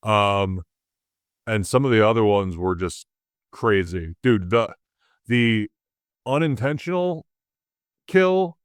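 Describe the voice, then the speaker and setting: Excitable man in casual film chat. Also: slow, long pauses, clean tone, no room sound, clean studio sound. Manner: excitable, jumps high when mimicking reactions. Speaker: podcast co-host reviewing a film.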